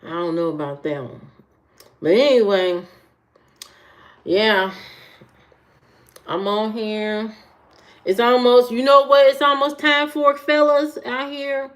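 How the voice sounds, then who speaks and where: Slow-talking woman chatting on a livestream. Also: fairly high pitch. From American Midwest. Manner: chatty, repeats herself, talks to chat by name. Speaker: livestream host. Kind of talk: casual livestream chat answering viewers.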